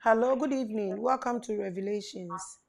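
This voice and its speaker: A woman hosting a live call-in show, brisk and encouraging, with frequent affirmations. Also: mid-range voice, gravelly. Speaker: radio show host.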